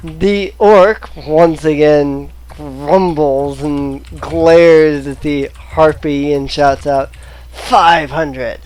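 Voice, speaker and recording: A game master narrating a tabletop game over voice chat, slow and hesitant with many fillers. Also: female voice, low-pitched, fairly even intonation, dark tone. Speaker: dungeon master.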